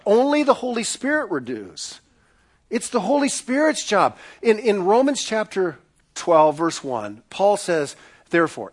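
A middle-aged man preaching a sermon as a pastor, in an emphatic, repetitive preaching cadence. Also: on the high side.

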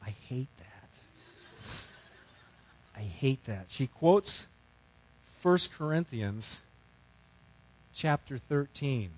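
A middle-aged man preaching a sermon, telling a story with big swings from loud outbursts to hushed, quiet lines. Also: medium pitch, animated, drawn-out words, long pauses, poor audio. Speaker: pastor.

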